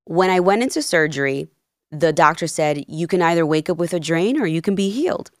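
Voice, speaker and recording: Low-voiced woman telling a story. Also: fairly quick, dry recording, studio quality. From Peru and New Jersey. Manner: animated, acts out quoted dialogue. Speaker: podcast guest, life coach. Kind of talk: casual interview storytelling.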